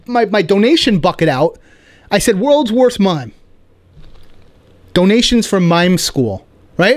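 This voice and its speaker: Male podcast host, higher register, playful comic storyteller. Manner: animated, playful, quick asides like "right?". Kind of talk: casual storytelling monologue.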